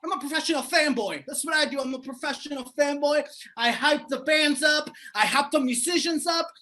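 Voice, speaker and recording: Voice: high-pitched, fairly quick. A performer playing Seth, a hyper male alien from another planet who hypes up boy bands and keeps a pet snake, talking brashly and swearing in a live improv comedy sketch. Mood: hyped. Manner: brash, shouty, swears, calls people man and bro. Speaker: interview guest in an improv sketch.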